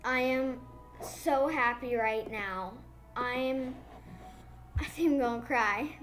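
Young-sounding woman vlogger, high bright voice, babbling with excitement over gameplay, faint music under it. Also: slow. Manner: gushing, breathless, babbling with excitement. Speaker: gaming vlogger. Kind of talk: excited casual gameplay commentary.

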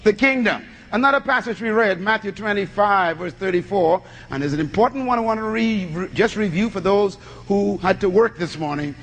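A man's voice: high-pitched, fairly quick, hardly any pauses, a bit bright, long reverb tail. A man preaching a teaching sermon, reading scripture aloud, then posing questions and answering them himself. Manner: reads scripture aloud and explains it.

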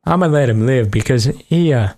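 A man's voice: medium pitch, animated, moderate pace, dark tone. A man giving joking, profane let's play commentary as host of a gaming video. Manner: joking, profane, reacting aloud.

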